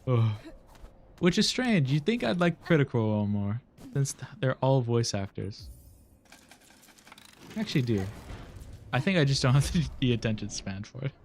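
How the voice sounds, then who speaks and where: A man's voice: mid-range voice, very animated, moderate pace, long pauses, darkish tone, slight background noise. A young man with a nasal voice, rambling casually while streaming a game, laughing often and swearing now and then. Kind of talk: casual gaming stream chat.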